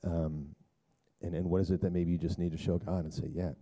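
A middle-aged man speaks to a church group in a rambling, chatty sermon style. His voice sits low and sounds deeply mellow and dark. He leans on filler words and keeps clearing his throat. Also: little pitch movement, brisk. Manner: turns hushed and low for prayer. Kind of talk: storytelling sermon talk.

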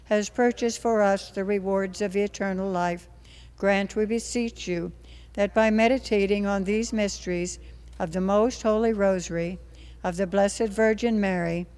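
A woman leads the rosary in a smooth, resonant voice. She recites in a steady, measured rhythm, letting the end of each line fall away softly. Her pitch sits in an ordinary middle range. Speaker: rosary prayer leader. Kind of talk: recited prayer.

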